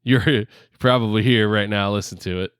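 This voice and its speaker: A man's voice: fairly low pitch, normal speed, a bit bright, clear, resonant tone, dry recording, studio quality. A man co-hosting a casual podcast on a headset mic, rambling with lots of fillers and laughing often. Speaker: podcast co-host.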